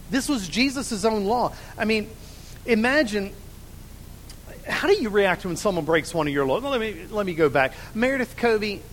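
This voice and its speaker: A man with a drawl and a high voice leads a Bible study class. He poses questions, waits, then answers them himself. The sound rings with long hall reverb over a faint low rumble. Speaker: Bible teacher.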